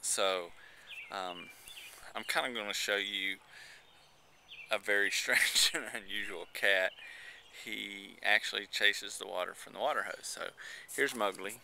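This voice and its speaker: Man, low gravelly voice, casual amused home-video chat, outdoors, camcorder mic, faint outdoor noise. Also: unhurried, long pauses. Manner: relaxed, amused, chatty with fillers. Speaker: pet owner filming his cat. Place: outdoors in a yard, watering plants. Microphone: handheld camcorder mic.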